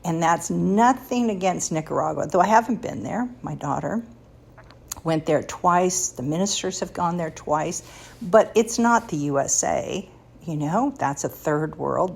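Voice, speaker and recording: Husky woman in her sixties, slow and confiding. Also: sits low. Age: 60s. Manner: warm, confiding, laughs between thoughts. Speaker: podcast host. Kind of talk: personal faith talk.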